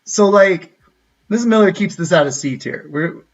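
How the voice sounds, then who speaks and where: A young man from the United States tells a story in a relaxed livestream, animated and acting out the voices of the people in it. His voice sits a bit high. The sound is dull and lo-fi, and the mic is some distance away. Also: moderate pace. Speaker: college counselor, channel host.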